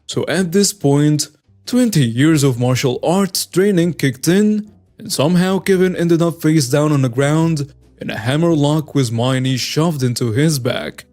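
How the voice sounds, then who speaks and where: A man with a somewhat high speaking voice reads a story aloud in a scripted narration style. His delivery is steady and even, with soft music playing quietly underneath. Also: measured pace.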